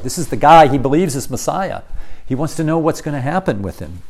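A man preaching a sermon as dramatic storytelling, acting out quoted lines and dropping to quiet intensity. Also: mid-range voice.

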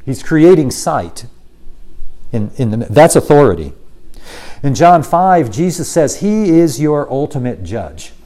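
A man's voice: fairly high pitch, very animated, measured pace, warm tone. A man preaching an expository sermon, emphatic and given to repeating key phrases.

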